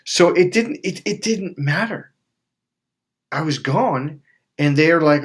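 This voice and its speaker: Man, self-help vlogger, lively swooping pitch, blunt and profane, casual storytelling. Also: takes it slowly, long pauses. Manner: animated storytelling with swearing and acted-out quotes. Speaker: self-help video host. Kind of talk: casual motivational talk.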